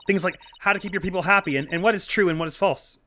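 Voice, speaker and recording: A man voicing a calm, level-headed adult defense lawyer in a game let's play, with a measured, reassuring tone. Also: sits high, slight background noise, voice pushed up. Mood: earnest.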